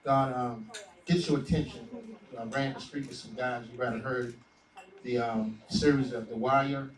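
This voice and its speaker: A man's voice: medium pitch, fairly even intonation, moderate pace, a crowd in the background. A man, a deacon giving a fervent testimony with a preaching cadence. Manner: fervent, builds to loud proclaiming. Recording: echoey hall, distant mic, faint room noise.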